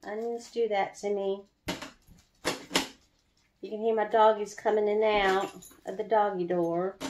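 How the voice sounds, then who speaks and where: A woman's voice: medium pitch, level tone, a little slow, echoey room, background noise. A woman chatting casually through a home cooking how-to in her kitchen, laughing often and drawing out some words. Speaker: home brewing vlogger.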